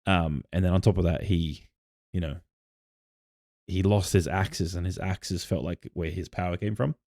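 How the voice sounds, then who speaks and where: Deep-voiced man telling campaign stories. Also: normal speed, darkish tone, no room sound, studio quality. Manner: rambling storyteller with many "like" fillers and restarts. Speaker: podcast co-host and game master. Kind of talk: casual chat about tabletop campaigns.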